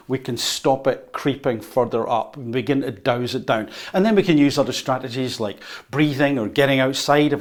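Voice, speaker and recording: A man teaching a lesson at a whiteboard, unscripted, with fillers and repeats, often acting out the voices in people's heads. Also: mid-range voice. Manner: animated, acts out inner voices. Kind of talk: whiteboard lecture.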